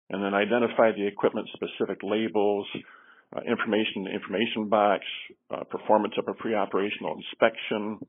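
A middle-aged man with a low, husky voice talks earnestly as a podcast guest, explaining safety training with frequent fillers and restarts. He comes through a tinny phone line. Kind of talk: podcast interview answers.

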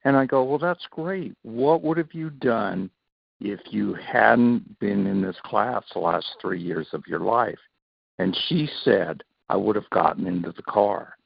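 Gravelly husky guy telling stories on an interview show, acts out the dialogue, dull dry audio. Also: fairly low pitch, takes it slowly, no room sound. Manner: animated storyteller, acts out quoted dialogue. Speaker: interview guest, child safety author. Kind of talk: interview storytelling.

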